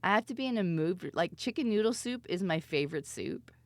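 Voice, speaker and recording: Casting note: young woman streamer, low voice, giggly and rambling, dry close sound. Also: animated, fast talker, no room sound. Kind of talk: casual stream chat.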